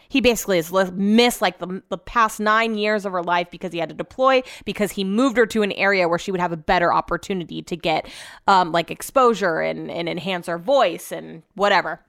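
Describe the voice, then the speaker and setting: A woman's voice: on the high side, fairly bright tone, clean tone, dry recording, clean studio sound. A young woman hosting a podcast, telling stories in casual chat, chatty and emotional with frequent swearing. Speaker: podcast host.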